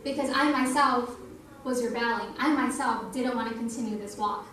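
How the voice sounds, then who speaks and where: A woman's voice: on the high side, fairly even intonation, normal speed, fairly bright tone, slight background noise. A young adult woman giving a testimony sermon at a youth night, talking conversationally and acting out quoted dialogue. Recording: echoey hall from a distance.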